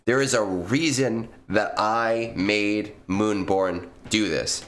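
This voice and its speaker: A man's voice: lowish voice, steady tone, takes it slowly, hardly any pauses, a bit bright. A man streaming, giving casual, blunt game advice, swearing freely and using plenty of fillers. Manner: blunt and profane, with frequent fillers.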